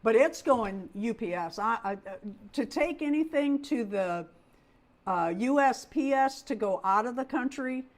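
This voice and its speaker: Middle aged lady hosting a livestream, kinda high voice, chatty storyteller type. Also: expressive, unhurried. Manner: chatty storyteller, talks with feeling. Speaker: host of a doll livestream. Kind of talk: casual livestream chat.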